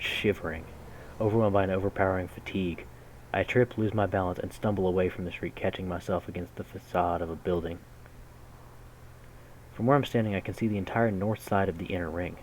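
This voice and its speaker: A man reading a game's story text aloud in a measured way, breaking in with casual, slangy jokes as a gaming host. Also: deep voice, darkish tone, slight background noise, poor audio. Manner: measured narration broken by casual slangy comments. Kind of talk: reading game text aloud with jokey asides.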